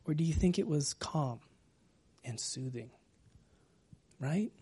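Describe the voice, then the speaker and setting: A man preaching a sermon as pastor, talking gently and sometimes dropping to a whisper. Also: fairly high pitch, animated, slightly rough. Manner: slow, gentle, drops to a whisper at times.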